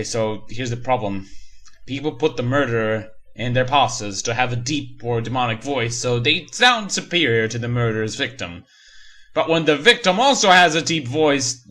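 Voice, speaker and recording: A man's voice: medium pitch, pushed and bright. A man reading and mocking a horror story in a sarcastic, profane comedic rant. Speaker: creepypasta reviewer. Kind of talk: comedic creepypasta reading and review.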